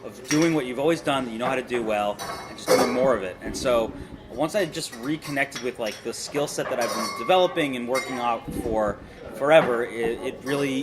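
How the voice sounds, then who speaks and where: A man, a film director and co-writer, answering interview questions in a loose, rambling way with lots of restarts and self-deprecating jokes. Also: mid-range voice. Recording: noisy background ambience.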